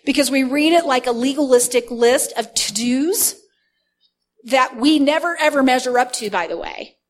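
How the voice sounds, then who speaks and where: A woman preaching a sermon, teaching earnestly and slowing down to stress key words. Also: high voice.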